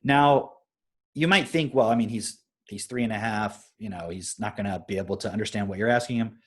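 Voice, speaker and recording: Man, young adult, husky voice, casual live stream talk, anecdotal, conversational. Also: on the low side, brisk, a bit bright. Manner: explains with anecdotes, often asks "right?".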